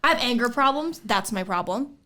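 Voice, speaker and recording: A woman's voice: fairly high pitch, animated, fairly quick, a bit bright. A woman hosting a podcast in casual chat, blunt and swearing freely as she tells stories. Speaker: podcast host.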